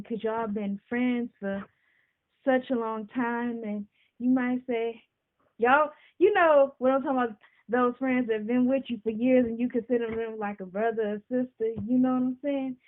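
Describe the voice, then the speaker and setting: A woman hosting a podcast, talking casually and warmly about friendship, often asking "you know what I'm saying". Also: fairly high pitch. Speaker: podcast host. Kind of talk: casual talk to camera. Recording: tinny phone-like sound.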